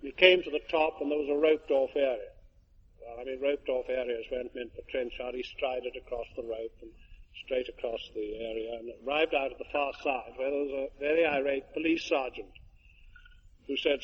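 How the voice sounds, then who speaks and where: An older retired air force officer giving a tribute speech, telling anecdotes with genial, dry humour to an audience. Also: male voice, medium pitch, fairly even intonation, fairly quick. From England. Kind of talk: after-dinner speech with anecdotes. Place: hall with an audience. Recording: muffled archive recording with faint hiss.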